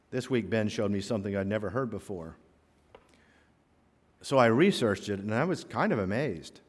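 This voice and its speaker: A man preaching a sermon to his congregation, telling stories with punchy asides and an animated, lively delivery. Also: medium pitch. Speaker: pastor. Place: church sanctuary. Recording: long reverb of a large hall.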